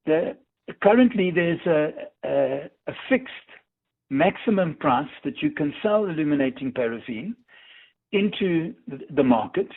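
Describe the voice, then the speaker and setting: A man's voice: fairly high pitch, expressive, a little slow, gravelly, slightly rough. A man, an industry association head, speaking earnestly in a radio phone interview, often repeating words as he thinks. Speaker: industry association chief executive. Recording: tinny phone line.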